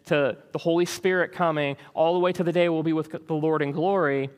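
A man with a high voice preaches a sermon, animated and conversational, tossing in quick asides to his listeners. His voice rings out with a long reverb, as in a church hall. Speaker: pastor.

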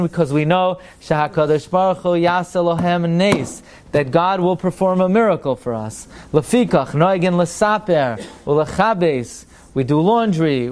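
A man with a fairly high voice teaches a religious class, throwing out rhetorical questions. He gets more animated and climbs in pitch as his points build. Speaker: Torah teacher. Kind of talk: lively religious lecture.

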